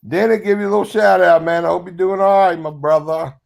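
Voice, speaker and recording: Gravelly older Southern man, blunt, salty, fired-up advocate. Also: high voice, fairly even intonation, fast talker. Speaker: recovery advocate guest. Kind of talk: casual livestream chat.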